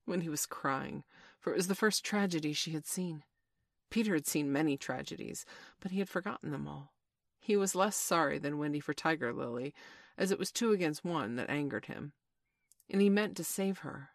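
A woman reading a children's classic aloud as narrator, steady and expressive. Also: deep voice, normal speed, creaky, dry recording, studio quality.

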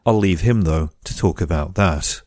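Low-voiced wry male podcast host. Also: moderate pace, darkish tone, no room sound, clean studio sound. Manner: wry, jokey asides. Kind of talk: podcast introduction.

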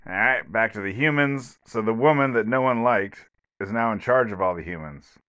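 Male solo podcast host, lowish voice, rambling and blunt, lots of fillers, recorded alone at home. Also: normal speed, fairly bright tone, clear, resonant tone, lo-fi sound. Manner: rambling, with many fillers and restarts; blunt, sarcastic commentary.

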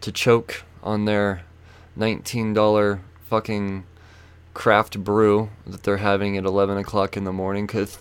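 A young man with a low voice hosts his podcast in a swearing comedic rant. He tells the story with energy and shouts out the lines he quotes. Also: steady tone, normal speed, clean tone. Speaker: podcast host.

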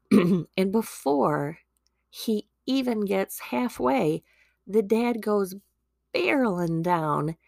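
A woman's voice: mid-range voice, animated, drawn-out words, creaky, long pauses, a little mellow, dry recording, clean studio sound. A woman podcast host casually retelling a Bible story, chatty and peppered with "like".

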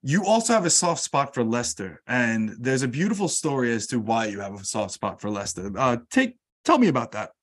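A man's voice: mid-range voice, very animated, fairly quick, few pauses. A man from New York with an American accent, hosting a podcast in a chatty manner and laughing often. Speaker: podcast host. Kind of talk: casual chat.

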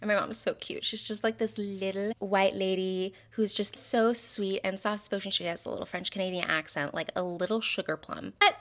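A woman's voice: mid-range voice, steady tone, moderate pace, hardly any pauses, a bit bright. A young woman from Texas hosting a podcast, chatting and telling stories dramatically, with jokes and swearing. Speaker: podcast host. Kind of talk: casual chat, storytelling.

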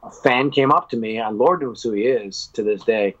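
Man, American, podcast guest, animated storytelling, swears, acts out quotes, muffled lo-fi audio. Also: medium pitch, moderate pace. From United States. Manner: candid, animated, swears freely. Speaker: podcast guest, metal vocalist. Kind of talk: casual storytelling interview. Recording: dull lo-fi audio.

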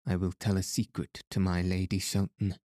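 A man doing a teasing, sharp-tongued young lady. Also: sits low, completely flat delivery, normal speed, no echo, clean studio sound, natural voice. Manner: mocking, old-fashioned speech. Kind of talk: audiobook reading.

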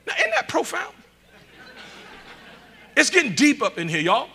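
A man pastor preaching a sermon, calling out to the congregation and swinging between loud bursts and quiet asides. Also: extremely high pitch, wildly swooping pitch, measured pace, gravelly, slight background noise.

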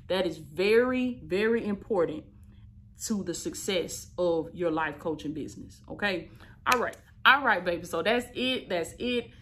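A woman in her thirties, a life coach, giving an emphatic, repetitive motivational talk with an affectionate, preachy warmth. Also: fairly low pitch, animated, a little slow, a little hiss or hum. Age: 30s. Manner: emphatic, repetitive, preachy, affectionate, calls listeners "baby" and "y'all". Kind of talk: motivational teaching talk to camera.

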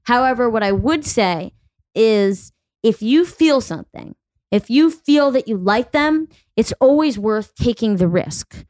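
A woman in her thirties hosting a podcast, talking in a blunt, profane, quick-joking way. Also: a little high, expressive, darkish tone, dry recording. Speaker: podcast host. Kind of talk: casual podcast chat.

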